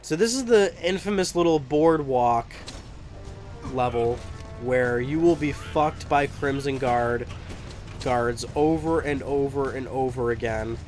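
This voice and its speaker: A man's voice: medium pitch, unhurried, a little mellow, faint music behind. A young man giving casual, rambling let's play commentary, swearing and laughing often. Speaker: gameplay commentator.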